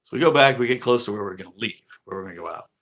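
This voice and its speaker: A man's voice: lowish voice, expressive, rapid-fire, a bit bright. A man from California, an angler, casually telling a rambling fishing story on a livestream and acting out what others said. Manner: rambling, acts out quoted dialogue.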